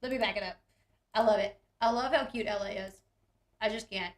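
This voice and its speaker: A woman's voice: mid-range voice, a little fast, roomy sound. A woman, retelling reality TV scenes in a chatty, giggly way and acting out the quotes. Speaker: recap host. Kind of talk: casual reality TV recap.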